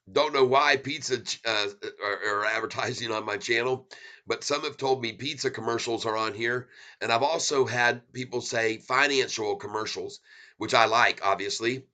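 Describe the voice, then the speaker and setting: A man hosting a casual stock market livestream, rambling and excitable, chuckling as he chats with viewers. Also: medium pitch, normal speed.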